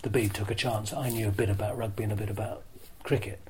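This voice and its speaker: Older man telling lively anecdotes. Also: on the low side, quick pace, slight background noise, poor audio. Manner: lively storyteller who acts out crowd shouts; self-deprecating and chatty, with restarts. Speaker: interview guest, former rugby broadcaster. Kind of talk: anecdotal interview storytelling.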